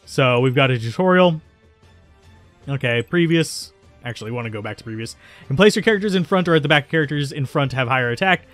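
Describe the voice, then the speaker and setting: A man's voice: mid-range voice, animated, fairly quick, fairly bright tone. A man hosting a let's play, commenting casually on the game and correcting himself as he goes. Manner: chatty, self-correcting. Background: faint game music.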